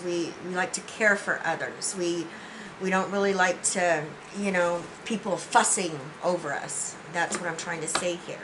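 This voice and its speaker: Over a noisy background, a medium-pitched woman offers a spiritual tarot reading. She restarts often and frequently says "you know," sounding earnest, heartfelt, and emotional enough to be near tears.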